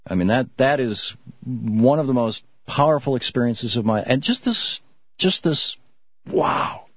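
A middle-aged man from Michigan hosting a call-in radio show, telling stories and answering callers in a halting, reflective way. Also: mid-range voice, slightly rough, no echo. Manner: reflective storytelling, halting with restarts. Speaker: radio talk show host. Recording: dull muffled radio broadcast.

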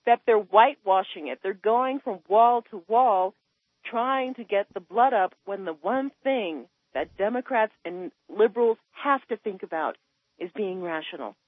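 A woman calling in to a talk radio show, ranting about politics with passion, her voice climbing high when she is upset. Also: measured pace, husky, no room sound. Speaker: caller. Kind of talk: heated political phone-in rant. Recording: tinny phone line.

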